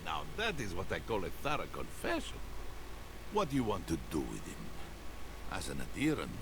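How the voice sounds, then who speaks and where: A man's voice: lowish voice, wildly swooping pitch, moderate pace, gravelly, heavily acted. An actor playing a sardonic, patient male city guard captain in a video game. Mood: dry. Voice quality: wry, sardonic. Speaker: city official questioning a prisoner. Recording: game audio with ambient noise.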